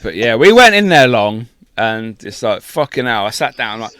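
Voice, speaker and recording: A young man co-hosting a podcast, recounting a story with lots of swearing and a lively, up-and-down voice. His pitch sits mid-range, and the sound is close and dry with no room echo. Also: normal speed. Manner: sweary, animated anecdote telling. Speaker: podcast co-host. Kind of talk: casual storytelling chat.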